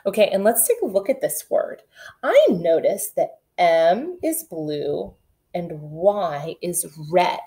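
Slow, low-voiced kindergarten teacher drilling sounds. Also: female voice, wildly swooping pitch, warm tone. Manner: slow, deliberate sound drills, repeating each letter sound; encouraging, sing-song reading aloud with children. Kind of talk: remote phonics lesson for young children.

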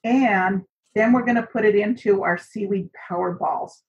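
In an online cooking and seaweed class, a female instructor chats along with plenty of fillers in a mid-range voice at a normal speed. She was recorded on camera for the class, and the audio is dull and lo-fi.

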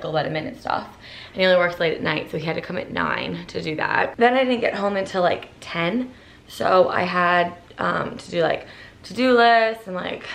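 Creaky-voiced woman rambling to camera. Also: fairly low pitch, a bit bright. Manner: rambling, filler-heavy chatter. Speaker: vlogger. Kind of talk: casual chat to camera. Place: at home, on the floor. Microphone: phone camera.

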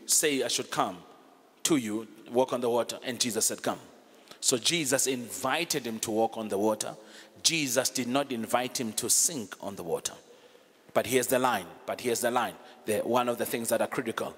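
A man's voice: mid-range voice, a little fast, a bit bright, long reverb tail. A man preaching a sermon, switching between English and Zulu and reading scripture aloud. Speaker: pastor. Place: church.

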